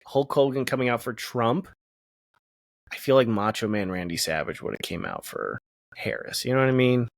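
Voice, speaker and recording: A man co-hosting a podcast, chatting casually in a loose, profane, animated way. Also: mid-range voice, normal speed, creaky, no room sound. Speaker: podcast co-host. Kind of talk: casual banter.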